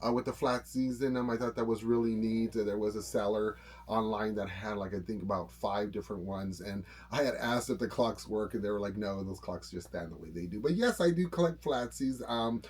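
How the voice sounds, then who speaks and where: Husky middle-aged man chatting about dolls. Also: on the low side, a little fast, hardly any pauses, a little mellow. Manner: easygoing, hesitant with many fillers. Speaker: co-host of a live doll-collecting stream. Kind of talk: casual live-stream chat.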